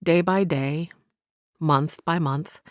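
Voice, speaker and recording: A woman audiobook narrator reading a historical romance in a gentle, even storytelling manner. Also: low voice, slow, dry recording, studio quality. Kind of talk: scripted narration.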